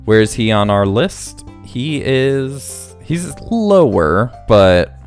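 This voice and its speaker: A man's voice: mid-range voice, very animated, slow, soft background music. A man hosting a casual let's play, rambling and thinking aloud as he plays. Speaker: gaming channel host.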